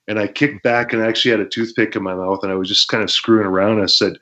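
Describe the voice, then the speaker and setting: Guest, man from Canada: low voice, relaxed storyteller who acts out quotes, lo-fi podcast sound. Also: a little fast. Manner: laid-back, laughs often, acts out quotes. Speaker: wrestler telling stories as guest. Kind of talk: casual storytelling interview. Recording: dull lo-fi podcast audio.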